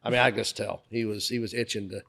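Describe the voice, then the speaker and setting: A man's voice: fairly low pitch, fast talker, vocal fry. A middle-aged man co-hosting a podcast, telling a story in casual conversation and acting out the dialogue. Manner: animated anecdote teller, acts out dialogue. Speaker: podcast co-host.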